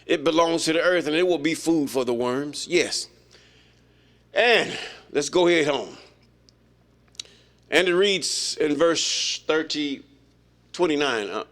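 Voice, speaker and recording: A man with a fairly high, forceful voice teaches an informal Bible study. He reads scripture aloud and then breaks off into loose, folksy commentary. His delivery is emphatic and conversational. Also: lively intonation, takes it slowly, pauses often.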